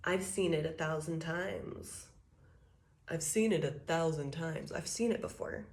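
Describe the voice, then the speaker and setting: A confident tarot-card queen, as a woman puts her on, brags with crude swagger and no worry at all. The voice sits a bit low and stays self-assured. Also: measured pace, a little mellow.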